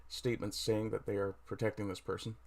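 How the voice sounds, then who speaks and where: A man hosting a casual livestream, talking with frequent fillers and pauses, with a mic right under his chin. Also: lowish voice, little pitch movement, a little mellow. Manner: hesitant, many fillers, reads chat aloud. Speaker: livestream host.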